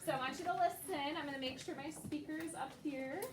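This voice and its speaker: Teacher, woman, high voice, patient questioner, recorded from afar in a noisy classroom. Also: steady tone, fast. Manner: patient, prompting questions to students by name. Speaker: second grade teacher. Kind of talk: classroom instruction. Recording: echoey classroom, distant noisy mic.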